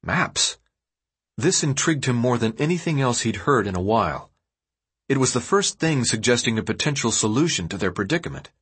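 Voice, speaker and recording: Husky, expressive male audiobook narrator. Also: mid-range voice, brisk. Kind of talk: scripted narration.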